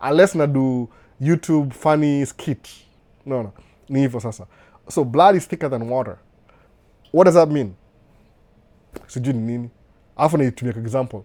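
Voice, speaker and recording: A Kenyan man in a casual livestream Q&A, his voice sitting in an ordinary middle register. He talks in an animated, loose way, repeating himself and breaking into laughter. He speaks close to a desk microphone. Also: mid-range voice, normal speed, long pauses. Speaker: livestream host answering viewer questions. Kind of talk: casual live Q&A, mixing Swahili and English. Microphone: desk microphone with computer setup.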